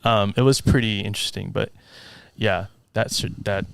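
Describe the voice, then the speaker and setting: A man's voice: lowish voice, moderate pace, creaky, clean tone, no echo. A man, a music teacher, guesting on a podcast and telling stories with lots of laughs. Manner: animated storyteller who acts out voices and laughs often. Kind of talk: casual podcast chat.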